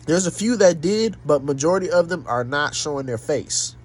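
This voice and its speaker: A man's voice: on the high side, expressive, moderate pace. A man vlogging in a casual rant, blunt and profane, sounding slightly stuffed up.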